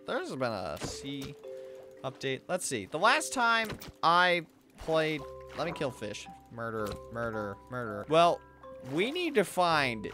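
A young adult with a mid-range voice plays a video game solo as a let's play, commenting excitedly. They talk to the game's animals and yelp whenever something startles them.

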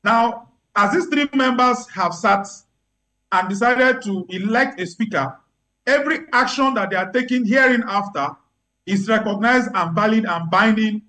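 A man speaking as a legal analyst on a news program, measured and emphatic, building his argument point by point. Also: high voice, sharp tone, rough recording. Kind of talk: remote news interview commentary.

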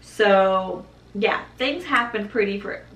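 A young woman telling her own birth story in a casual, animated way, acting out what others said. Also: medium pitch, slow pace. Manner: animated, acts out quoted voices, laughs. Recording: echoey room, mic at a distance.

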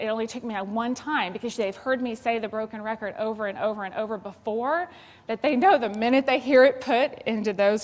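A woman's voice: fairly high pitch, in a large hall. A woman who is a school administrator, giving a conversational parenting seminar and acting out examples for the audience. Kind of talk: seminar talk. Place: seminar hall.

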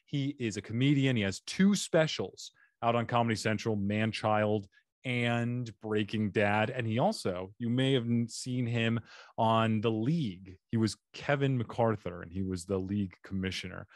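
A young adult man from Arizona hosting a podcast, joking and rambling playfully through a solo intro, now and then jumping into silly high voices, in a home studio. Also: moderate pace, no room sound. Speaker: podcast host. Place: home studio with bare walls.

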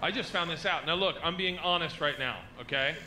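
A man doing a stand-up routine, swinging from low confiding asides to loud shouted bursts, recorded live with an audience laughing. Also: brisk, slight background noise. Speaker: stand-up comedian.

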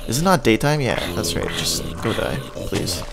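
A man's voice: on the low side, sing-song, normal speed, gravelly, music in the background. A man with a Canadian accent giving casual gameplay commentary, rambling and joking as he plays and now and then humming little tunes. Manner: rambling and joking, hums and scats tunes while playing. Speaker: gaming channel host.

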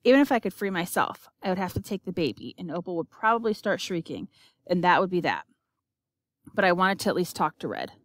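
A woman's voice: fairly low pitch, sing-song, a little fast, no echo. Woman narrating an audiobook expressively.

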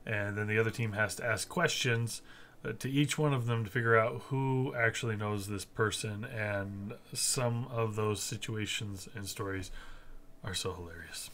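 A man's voice: on the low side, normal speed, fairly bright tone, slight background noise. A man streaming a video game, chatting casually in rambling explanations full of fillers. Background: game music.

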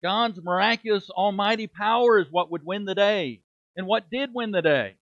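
Middle-aged male preacher, high pitch, emphatic sermon delivery, dull close recording. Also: normal speed, a bit bright, no room sound. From United States. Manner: emphatic preaching with rhetorical questions and dramatic drops in volume. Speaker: preaching minister. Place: church sanctuary.

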